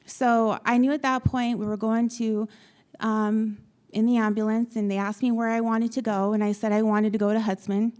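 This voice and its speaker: A young adult woman from Utah, a patient on a panel, telling her story to an audience with frequent pauses and ums. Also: a little high, flat delivery, a little mellow, clean tone. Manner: halting, many ums, retells dialogue. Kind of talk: personal story told to an audience.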